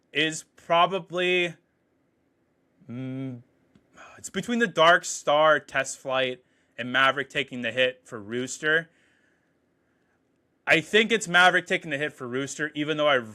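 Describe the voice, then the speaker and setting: A man giving a casual, excited movie review, swearing freely and paraphrasing scenes as he goes. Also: on the high side. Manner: excited, profane, quotes scenes in quick paraphrase.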